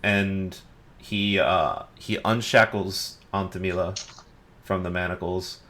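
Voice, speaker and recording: Deep-voiced male dungeon master. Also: slow. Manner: relaxed, filler-heavy narration. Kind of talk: narrating a tabletop game.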